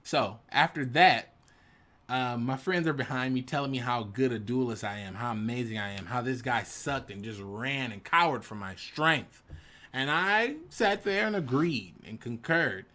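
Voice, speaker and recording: Animated man telling a story. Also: mid-range voice, normal speed. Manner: animated, switches into dramatic voices for quotes. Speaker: YouTube storyteller.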